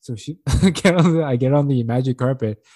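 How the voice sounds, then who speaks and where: A little fast and dark in tone, a man spins a long, rambling, profane tale during a relaxed podcast chat. Laughter comes often, and he performs quotes in a higher pitch.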